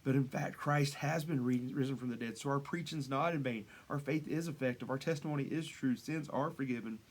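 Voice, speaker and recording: A man's voice: medium pitch, brisk. A man preaching a casual devotional sermon in a conversational way, with frequent restarts and asides, voice lifting for rhetorical questions. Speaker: pastor.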